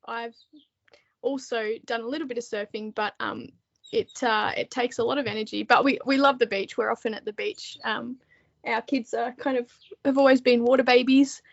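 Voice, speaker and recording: A woman's voice: on the high side, steady tone, normal speed, vocal fry, lo-fi sound. Laughing Australian woman, chatty. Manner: chatty, laughs often, many ums. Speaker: podcast guest, book editor. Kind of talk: casual interview chat.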